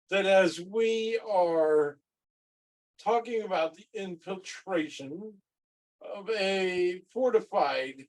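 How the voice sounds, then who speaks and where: A man playing in a tabletop role-playing game, delivering grandiose, drawn-out lines in character. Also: high voice, a little mellow, far from the mic, rough recording. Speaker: player.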